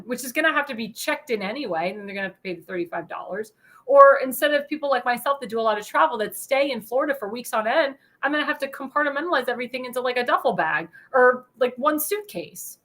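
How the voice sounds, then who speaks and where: A woman's voice: on the high side, animated, a little fast, pushed and bright. A young woman hosting a talk show, ranting indignantly in an opinion monologue and speaking straight to her viewers. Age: young adult.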